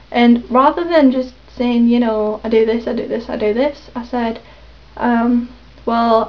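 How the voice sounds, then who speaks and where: A woman rambling hesitantly in a casual confessional vlog, with lots of pauses and ums. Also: a little high. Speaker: vlogger. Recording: dull lo-fi webcam audio.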